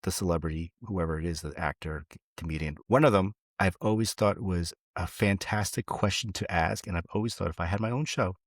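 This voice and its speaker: Relaxed male podcast host, low voice. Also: a little fast, dry recording, clean studio sound. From United States. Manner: relaxed, playful, with "uh" fillers. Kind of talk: casual interview chat.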